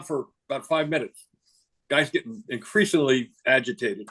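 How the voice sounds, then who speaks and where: A man's voice: medium pitch, normal speed, pushed and bright. A man telling jokes and chatting casually on a video call. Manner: jokey joke-teller. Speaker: meeting participant.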